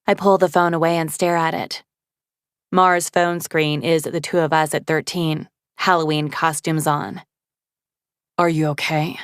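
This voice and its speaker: A woman reading a first-person romance audiobook, expressive and voicing the dialogue herself. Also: deep voice, measured pace, clear, resonant tone, dry recording, studio quality. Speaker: audiobook narrator.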